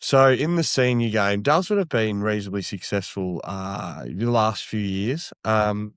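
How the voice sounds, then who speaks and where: A man's voice: lowish voice, unhurried, clear, resonant tone, no echo, studio quality. An Australian man on a podcast who chuckles often and cuts in with short quips. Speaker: podcast co-host. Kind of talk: casual chat.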